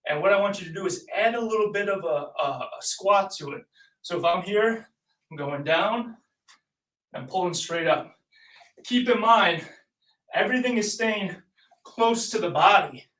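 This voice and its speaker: A man's voice: high-pitched, expressive, moderate pace, long pauses, a bit bright, reverberant, far from the mic, poor audio. A man, a chiropractor, demonstrating exercises in an upbeat coaching manner while slightly out of breath. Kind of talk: instructional exercise demo.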